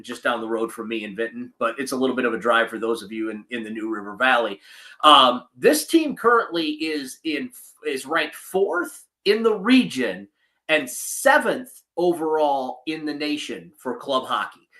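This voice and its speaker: Rambling man, bright voice. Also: mid-range voice. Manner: rambling, self-correcting, folksy. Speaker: podcast co-host. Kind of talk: casual chat.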